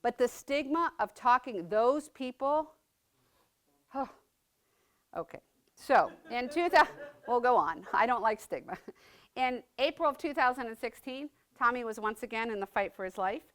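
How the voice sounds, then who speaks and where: A woman's voice: on the high side, lively intonation, moderate pace, fairly bright tone. A middle-aged woman giving a personal testimony talk, conversational and earnest, often checking in with the audience by asking "right?". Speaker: speaker sharing her story as a mother.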